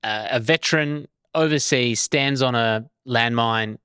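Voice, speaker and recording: A man's voice: medium pitch, measured pace, clear, resonant tone, no room sound, studio quality. A man hosting a podcast, introducing segments in a playful, casual way. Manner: lively, playful. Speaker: podcast host.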